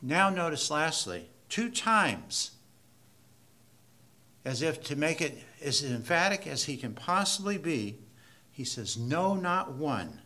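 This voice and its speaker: A man teaching a Bible study class, slow and deliberate, repeating key phrases with building emphasis. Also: a little high, sing-song, pushed and bright.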